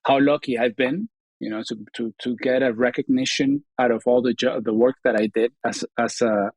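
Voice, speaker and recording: A man's voice: medium pitch, steady tone, moderate pace, dry recording. Earnest man. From Venezuela. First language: Spanish. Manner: earnest, repeats words, leans on "you know". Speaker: guest chef and TV host. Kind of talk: casual interview chat.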